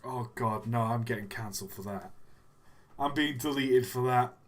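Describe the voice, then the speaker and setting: A man's voice: medium pitch, normal speed. A man hosting a live stream, chatting casually and joking at his own expense. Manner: joking, self-mocking. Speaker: livestream host.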